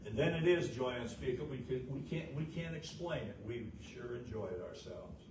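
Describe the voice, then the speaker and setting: A middle-aged man preaching a folksy, fervent sermon as pastor, swinging from loud, high peaks down to a low, quiet voice, with frequent "uh" fillers. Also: expressive, moderate pace, distant mic. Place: church sanctuary. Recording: roomy church sound from off the mic, noisy.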